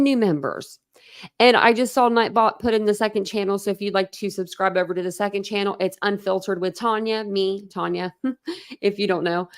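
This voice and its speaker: A woman from Ohio hosting a casual livestream chat, talking in a chatty, rambling way with many fillers. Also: mid-range voice. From Ohio, USA. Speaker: livestream host.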